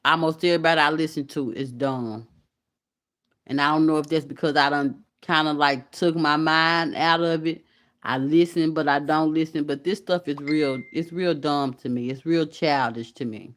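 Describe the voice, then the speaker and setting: A woman from Alabama hosts a casual YouTube commentary livestream, speaking candidly and emphatically to viewers in a low, fairly even voice at a moderate pace.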